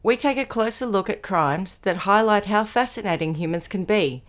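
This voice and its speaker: A woman co-hosting a podcast, chatty and relaxed, still recovering from an illness. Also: medium pitch, normal speed. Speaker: podcast co-host. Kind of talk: casual podcast chat. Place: home room padded with soft furnishings.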